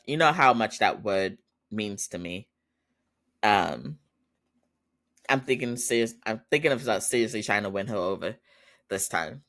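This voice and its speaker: Chatty man recapping a show, lowish voice. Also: fairly bright tone. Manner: chatty, laughs often while retelling. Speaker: podcast host. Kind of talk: casual TV episode recap.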